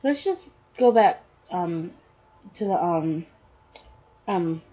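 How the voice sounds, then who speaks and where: A woman's voice: lowish voice, expressive, slow, dark tone. A woman voicing an easygoing young hero guy. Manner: easygoing, hesitant, filler-heavy. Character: cheerful young male hero student. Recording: dull lo-fi audio.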